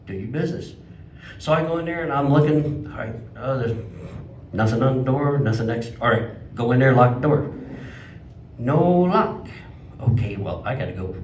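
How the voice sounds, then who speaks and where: A man doing a stand-up comedy set at a legion hall, telling folksy stories and jumping to a high voice for quoted outbursts. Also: slight background noise. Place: legion hall stage before a live audience. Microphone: handheld microphone, picked up from some distance. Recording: echoey hall, mic at a distance.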